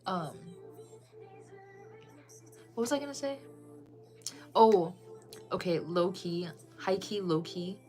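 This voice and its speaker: A woman's voice: fairly low pitch, lively intonation, takes it slowly, long pauses, dark tone, soft background music. A woman chatting casually with viewers on a live stream, bubbly and full of "like" fillers.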